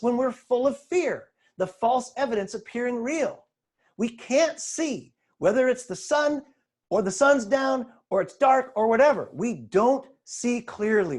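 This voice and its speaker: A man giving a spiritual lesson over a video call, retelling scripture with dramatic, expressive emphasis. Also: sits high. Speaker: spiritual teacher.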